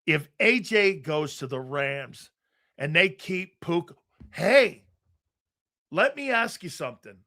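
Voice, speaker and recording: A man hosting a live sports talk show, loud and excitable, swearing freely and breaking into shouts while he tells stories in quick bursts. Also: high voice. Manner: rapid storytelling with restarts.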